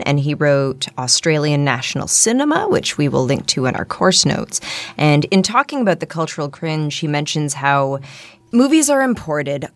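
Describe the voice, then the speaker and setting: A woman's voice: sits low, no room sound. A woman from Canada, co-hosting a film podcast in a lecturing style, blunt and casually profane. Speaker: podcast co-host.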